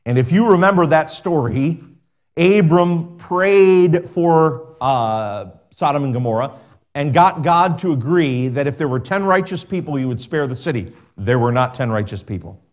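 Man, pastor, sermon, slow stressed words, soft phrase endings, middle pitch. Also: animated. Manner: preaching with slow emphatic stretches and soft drops.

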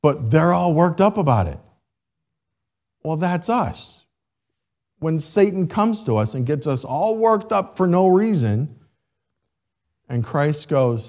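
A male pastor delivers a sermon in a slightly high voice that rises and falls with great animation. He speaks slowly and deliberately, often pausing to ask the congregation "right?". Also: sing-song, a little mellow.

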